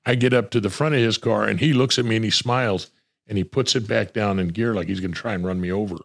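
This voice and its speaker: Gravelly older man telling blunt stories. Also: fairly low pitch, quick pace. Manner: blunt, profane, acts out quoted voices. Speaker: retired homicide detective, guest. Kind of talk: storytelling in a podcast interview.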